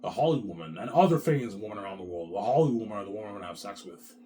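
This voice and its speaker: A man in a rambling monologue, repeating himself, swearing and jumping between quiet mumbles and loud outbursts. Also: fairly low pitch, lively intonation, racing, slight background noise. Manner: repetitive, restarts, keeps saying "man"; profane, agitated swings in loudness.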